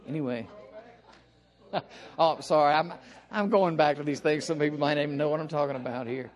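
Older man, Southern accent, folksy sermon, slightly high voice, rambling asides. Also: a little fast. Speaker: preacher. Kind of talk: informal sermon.

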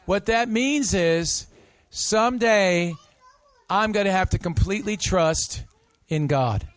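Slow, high-voiced preacher man. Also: dry recording. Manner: coaxing, call-and-response, slow and emphatic. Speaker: pastor. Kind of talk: interactive sermon.

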